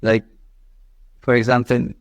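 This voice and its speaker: A man's voice: mid-range voice, completely flat delivery, measured pace, creaky, no echo. A man learning English, hesitant and searching for words in a conversation lesson. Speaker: English student.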